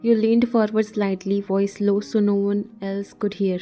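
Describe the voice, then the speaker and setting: A woman narrating a scripted story in the second person at an even, measured pace. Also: medium pitch, faint music behind.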